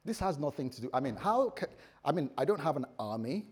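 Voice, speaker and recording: A man's voice: a little high, very animated, fairly quick, a little mellow, breathy edge. A man preaching a sermon in a conversational way, quizzing his listeners and acting out scenarios for them.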